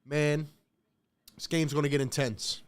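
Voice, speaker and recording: A man's voice: fairly high pitch, level tone, unhurried, clean tone. A young man hosting a casual live stream, calling play-by-play and reacting, talking slangy and straight to his chat from a home setup.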